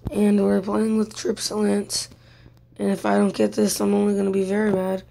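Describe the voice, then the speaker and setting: This young woman, a gaming YouTuber, gives casual commentary on her own mobile football game in a mid-range, monotone voice with vocal fry at a moderate pace. Frustration shows as she goes from whispered muttering to sudden yelps and shouts.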